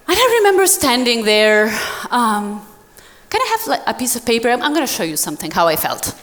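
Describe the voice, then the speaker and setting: Animated woman speaking on a stage. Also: on the high side, a little fast. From Latin America. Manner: animated, laughing often, directing the audience. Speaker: motivational speaker. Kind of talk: live stage talk to an audience. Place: large event hall. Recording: long hall reverb.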